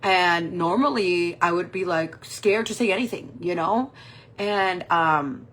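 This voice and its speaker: Animated woman in her forties telling a story. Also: lowish voice, a little slow, slight background noise. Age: 40s. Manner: animated, swearing, acting out quoted dialogue. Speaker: makeup vlogger. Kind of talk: casual storytelling while doing makeup.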